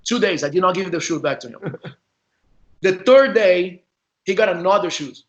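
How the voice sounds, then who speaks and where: A man's voice: high-pitched, animated, moderate pace, lo-fi sound. A man with a Brazilian accent, a former player now coaching, telling locker-room stories in a loose, laughing, chatty way. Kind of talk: casual storytelling.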